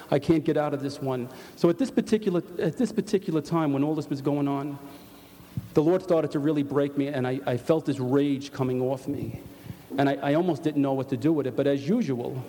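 Standing before the congregation as a church member, an older New Yorker earnestly recounts his testimony, repeatedly starting sentences over. His voice is medium-pitched and mellow, echoing with the long reverb of a church hall.

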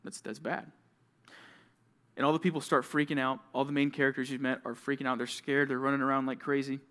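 A young man preaching to junior high students, telling stories and acting out short scenes, with sudden swings from loud to hushed. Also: level tone, fast. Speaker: youth pastor. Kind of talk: youth sermon.

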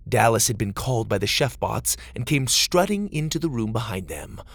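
A man narrating a children's story in a gentle, steady storytelling manner. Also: medium pitch, normal speed, vocal fry, no echo.

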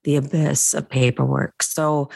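A woman hosting an interview, asking questions in a gentle, thoughtful way. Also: very deep voice, little pitch movement, a little slow, gravelly, breathy edge, no echo. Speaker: podcast host.

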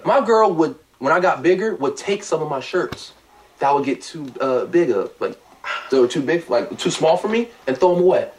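A man's voice: fairly high pitch, moderate pace. A young man telling profane, jokey stories in casual group banter as a podcast host. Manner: animated, profane, jokey storytelling. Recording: distant mic with faint noise.

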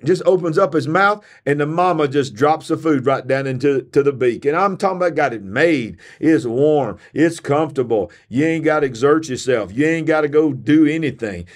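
His fairly high voice moves at normal speed with few pauses as this preacher-host delivers a sermon-like podcast. He repeats himself for emphasis with fiery conviction. He sounds worn out yet never lets up.

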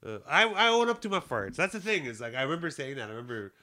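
A man's voice: fairly high pitch, very animated, fast talker, bright, forceful tone. A man co-hosting a podcast in casual chat, telling stories full of "like" and laughing often. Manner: laughing storyteller, lots of "like" fillers, swearing. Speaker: podcast co-host.

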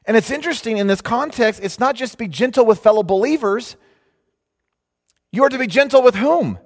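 A man preaching a sermon in an animated, conversational way, sometimes mocking the voices of others. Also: very high voice, fairly quick. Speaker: pastor. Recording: long hall reverb.

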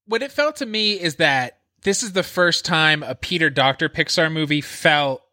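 Bright, quick-talking male movie panelist. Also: a little high, no echo, studio quality. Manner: rapid, animated, acts out reactions. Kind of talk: casual movie podcast chat.

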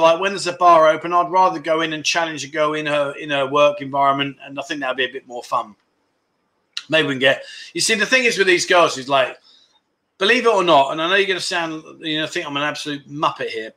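A man with a slightly high voice and a sharp tone hosts a laid-back livestream. He rambles openly, reading out comments and calling his viewers "mate."

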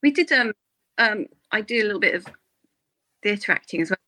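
A woman's voice: mid-range voice, expressive, fairly quick, bright, forceful tone, no echo, rough recording. A woman, an actress guest in a casual podcast interview, chatting freely, laughing often and trailing off mid-sentence.

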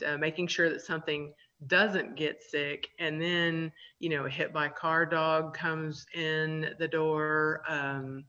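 A woman's voice: low voice, pushed and bright. A woman veterinarian telling stories in a radio interview, chatty and laughing, with many ums and uhs. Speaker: veterinarian guest. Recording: dull lo-fi radio audio.

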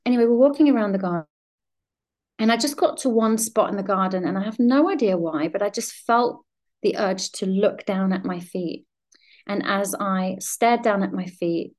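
A woman, a law of attraction coach telling personal stories in an earnest, gentle way on a spiritual podcast. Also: mid-range voice.

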